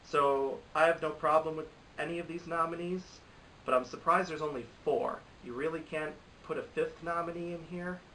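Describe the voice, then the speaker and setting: Bright-voiced young man ranting about movies. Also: a little high, fairly even intonation, moderate pace. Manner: rambling, opinionated, with frequent restarts. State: has a cold. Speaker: movie reviewer. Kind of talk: casual opinion vlog. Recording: slightly distant mic with faint hiss.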